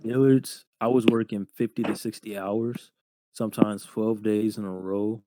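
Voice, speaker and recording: A young man in his twenties, co-hosting a podcast, telling job stories in a casual, profane, animated way full of slang. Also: on the low side, normal speed, a little hiss or hum. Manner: slangy, profane, animated retelling with lots of "bro". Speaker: podcast co-host. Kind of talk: casual storytelling chat.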